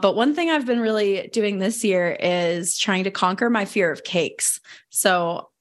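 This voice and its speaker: A woman's voice: mid-range voice, unhurried. A young adult woman hosting a casual podcast chat, talking loosely with lots of fillers and frequent laughs. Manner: chatty, laughs often, many fillers. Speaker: podcast host. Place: home in Denver.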